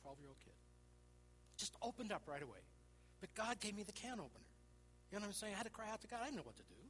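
A man preaching through a personal counseling story, acting out the dialogue, laughing often and dropping to a hushed voice. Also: high voice, sing-song, fast, in a large hall, a little hiss or hum, poor audio. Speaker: Christian speaker and counselor.

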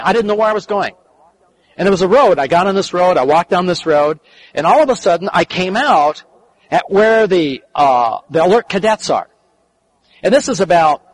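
An older man preaching a sermon and telling a story, earnest, often repeating and restarting his phrases, dropping soft and quiet in the tender parts. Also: sits high, low-quality recording. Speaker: preacher and counselor.

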